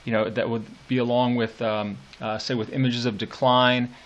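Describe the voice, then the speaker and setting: A middle-aged man teaching literature, reading poetry aloud slowly and annotating it, with hesitant fillers. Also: medium pitch, flat delivery, dull audio. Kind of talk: lecture with poem reading.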